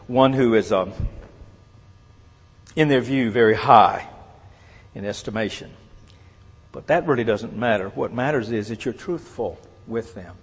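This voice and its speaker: A man preaching a sermon, earnest and measured, letting his phrases fall away softly at the end. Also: lowish voice, breathy edge. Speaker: pastor. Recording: long reverb of a large hall.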